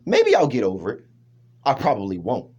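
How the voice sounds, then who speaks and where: A man's voice: medium pitch, wildly swooping pitch, moderate pace, a little mellow, muffled recording. A man talking in a rambling personal monologue, emphatic, restarting often and checking in with his listener. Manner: emphatic, keeps asking "you know what I'm saying".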